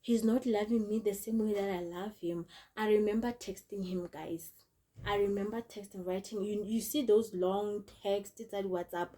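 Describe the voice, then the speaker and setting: A woman's voice: mid-range voice, steady tone, normal speed, mellow. A young woman, telling a storytime vlog in a chatty way, repeating herself and often calling out to her viewers. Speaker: vlogger.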